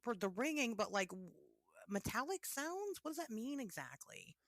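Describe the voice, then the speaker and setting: A woman's voice: fairly high pitch, big pitch swings, moderate pace, no room sound, studio quality. A woman co-hosting a podcast, chatting casually and hesitantly, often restarting her sentences. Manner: hesitant, many fillers and restarts. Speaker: podcast co-host.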